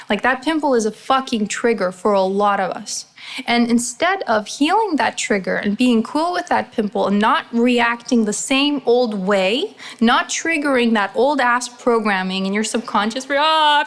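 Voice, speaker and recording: A woman hosting her own podcast, talking energetically in a casual motivational monologue, swearing freely and acting out little inner voices. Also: on the high side. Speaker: podcast host.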